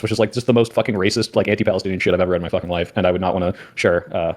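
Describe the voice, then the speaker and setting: Male debate guest, indignant, rapid-fire, low-ish voice. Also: level tone, darkish tone. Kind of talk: heated online debate.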